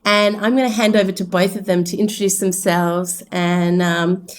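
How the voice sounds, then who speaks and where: A woman's voice: mid-range voice, fairly even intonation, normal speed. Chatty Australian woman podcast host. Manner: chatty, laughing, upbeat. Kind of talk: casual podcast chat.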